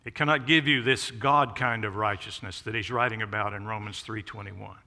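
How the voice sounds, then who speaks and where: A man preaching a sermon as pastor of a church, emphatic, swelling loud on key phrases and dropping low on others. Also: steady tone, normal speed, in a large hall. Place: church sanctuary.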